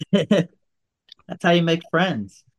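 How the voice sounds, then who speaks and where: A man's voice: fairly high pitch, lively intonation, drawn-out words. A man hosting a podcast, casual chat with laid-back, profane reactions. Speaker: podcast host.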